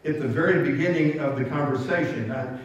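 A male pastor preaching with a fairly high voice, telling stories and often restarting his words. The sound is very echoey, caught from a distance in a large hall. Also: brisk, muffled recording. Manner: storytelling with stammered restarts. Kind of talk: sermon. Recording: echoey hall, mic from far off.

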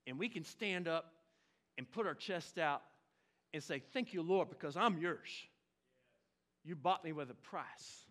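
High, bright-voiced energetic pastor. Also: male voice, a little slow, long pauses. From Oklahoma. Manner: energetic, exclamatory preaching with playful asides. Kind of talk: sermon.

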